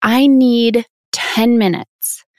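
A woman chatting as a podcast guest from her home closet, talking openly and acting out quoted lines in lively voices. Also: fairly high pitch, drawn-out words, no echo, studio quality. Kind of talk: casual conversational interview.

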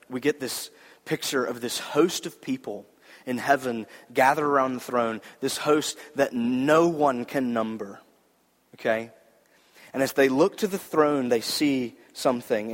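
A man preaches in a sermon to a young audience, earnest and conversational, leaning on repeated phrases. His voice sits at an ordinary middle pitch. A long reverb trails each line, as if he is speaking in a large hall. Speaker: pastor.

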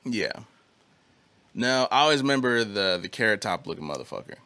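A man's voice: lowish voice, very animated, brisk, pushed and bright, smooth, no room sound. Laid-back slangy young man, dry close sound. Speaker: podcast host. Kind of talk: casual chat.

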